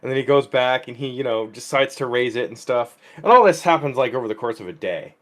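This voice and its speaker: A man's voice: mid-range voice, lively intonation, brisk. Rambling man retelling a film plot. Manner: rambling storyteller, acts out quoted lines. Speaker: podcast co-host. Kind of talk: casual comedic chat.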